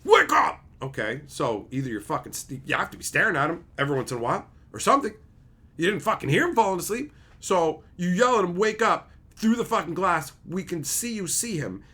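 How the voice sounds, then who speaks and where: Male streamer, middle-aged, loose profane rants to chat, bright forceful voice. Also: a little high, fast, slightly rough. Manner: animated, swears often, mocks logic gaps. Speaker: livestream host reading chat. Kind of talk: casual livestream chat.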